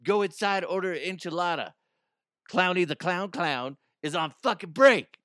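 A man voicing a rude, swearing male clown on his smoke break, in a gruff, high put-on voice. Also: animated, moderate pace, a bit bright, dry recording, studio quality.

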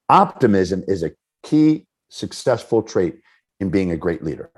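A middle-aged man talks as a guest on a podcast, explaining leadership through anecdotes. His pitch swings widely as he acts out quoted people, with a lively storyteller's manner. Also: normal speed, husky. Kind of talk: podcast interview answers.

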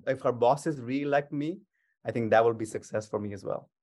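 A man's voice: mid-range voice, moderate pace, a little mellow. A man, a state legislator, answering interview questions over a video call in an upbeat, eager way, with many restarts.

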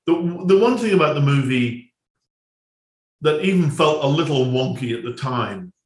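Male director guest, rambling anecdotes, mid-pitched, echoey room. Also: expressive, normal speed. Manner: rambling, many restarts and asides, laughs at own jokes. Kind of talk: casual anecdote-telling.

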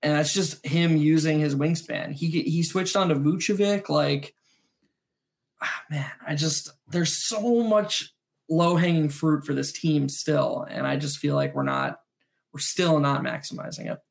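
A man co-hosting a postgame sports podcast, breaking down plays in quick, animated analysis with some restarts. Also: a little high, gravelly. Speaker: podcast co-host.

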